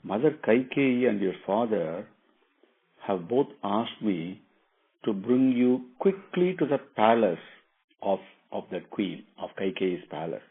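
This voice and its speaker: A man's voice: on the low side, big pitch swings, husky, heavily acted. A loyal royal charioteer delivers his summons urgently, as a male storyteller puts him on. The sound is thin and narrow, like a phone line. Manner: hurried, urgent.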